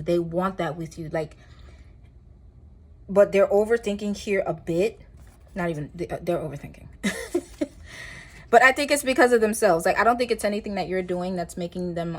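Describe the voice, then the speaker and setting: A woman doing a casual tarot reading, talking in a chatty, rambling way with animated asides. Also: fairly low pitch. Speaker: tarot reader.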